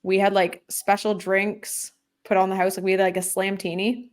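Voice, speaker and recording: A woman's voice: mid-range voice, level tone, moderate pace. Chatty Canadian woman, casual guest. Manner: bubbly, chatty, many "like"s. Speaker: podcast guest. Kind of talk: casual chat.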